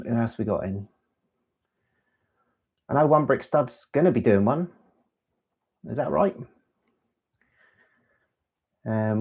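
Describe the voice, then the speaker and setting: The LEGO channel host rambles chattily through a casual live stream, reading chat aloud, answering viewer questions and drifting between topics. He talks loosely and easily at an ordinary middle pitch with a darkish tone.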